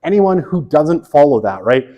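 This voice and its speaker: A man's voice: fairly high pitch, sing-song, normal speed, lo-fi sound. A middle-aged man giving a casual classroom lecture, peppering it with "right?" and correcting himself with wry asides. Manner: conversational, lots of "right?" tag questions. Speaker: college sociology instructor. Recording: long reverb of a lecture hall.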